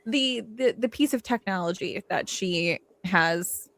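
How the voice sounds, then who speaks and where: Woman on a true crime stream, kinda fry-ish voice, rambles, swears to make a point. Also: medium pitch, animated, unhurried, a bit bright. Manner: emphatic, rambling, swears for emphasis. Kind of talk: casual livestream discussion.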